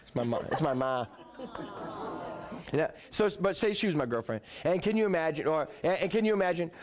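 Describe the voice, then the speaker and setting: A man preaching to a church congregation with a somewhat high voice. He swings from joking, lively talk to soft, hushed prayer. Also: fairly quick, a faint crowd. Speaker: pastor. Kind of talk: sermon.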